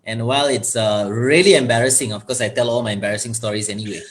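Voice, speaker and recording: A man's voice: mid-range voice, quick pace. Man telling a story. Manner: storytelling, self-deprecating, animated. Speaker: host. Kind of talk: casual online talk show.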